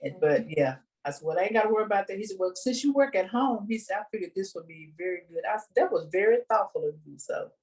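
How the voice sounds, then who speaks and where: A woman guest on her daughter's podcast, talking in a relaxed, chatty way. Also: medium pitch, fast talker, hardly any pauses, low-quality recording. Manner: relaxed, chatty, answers with short affirmations. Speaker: guest, the host's mother. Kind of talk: casual family chat.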